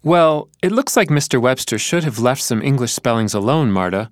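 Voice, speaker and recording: A man acting as the learner in a scripted lesson dialogue, answering in a relaxed way with hesitations. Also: mid-range voice, normal speed, dry recording, studio quality. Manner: relaxed, thinks aloud with hesitations.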